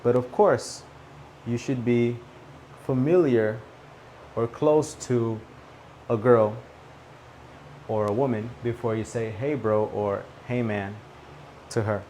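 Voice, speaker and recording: A man teaching a spoken English lesson, repeating example phrases clearly and checking in with "okay?". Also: mid-range voice, fairly even intonation, slow pace, pauses often, mellow, slight background noise.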